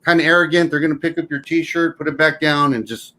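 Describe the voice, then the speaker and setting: A man's voice: fairly high pitch, steady tone, fairly quick, sharp tone, poor audio. A man guesting on a wrestling chat, giving earnest, explanatory advice in casual conversation.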